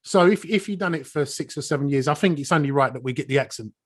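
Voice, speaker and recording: A man's voice: a little high, quick pace. A man hosting a podcast, chatting casually and enthusiastically, often repeating words for emphasis. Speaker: podcast host. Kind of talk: casual interview chat.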